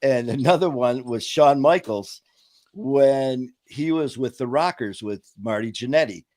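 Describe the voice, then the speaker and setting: A man's voice: mid-range voice, measured pace. A middle-aged man hosting a podcast, telling stories in a casual, profane way and laughing as he goes. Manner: animated, profane, laughs through his stories. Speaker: podcast host. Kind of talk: casual storytelling chat.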